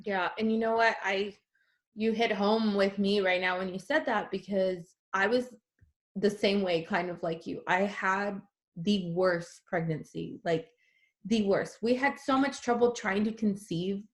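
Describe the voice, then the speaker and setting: A woman hosting an interview, talking softly and conversationally, with many "like"s. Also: medium pitch, a little slow. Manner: soft-spoken, frequent "like". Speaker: host.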